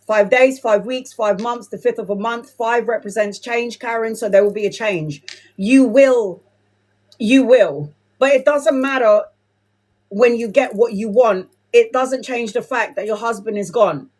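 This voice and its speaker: A woman's voice: fairly high pitch, a little slow, a little mellow. A woman giving a live tarot reading, blunt and emotional, swearing freely and calling viewers "my love" and "sweetheart". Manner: addresses viewers with endearments. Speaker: tarot reader.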